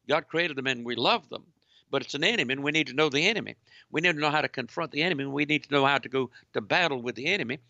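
A man hosting a call-in radio show, delivering a preachy, emphatic monologue that keeps returning to "ladies and gentlemen". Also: mid-range voice, creaky, no room sound, dull audio. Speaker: radio talk show host.

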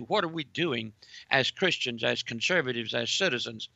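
A man's voice: medium pitch, animated, normal speed, vocal fry, no room sound, highs cut off. A man delivering emphatic, preachy commentary, reading news articles aloud and addressing listeners directly. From United States. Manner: preachy, emphatic, repeats "ladies and gentlemen".

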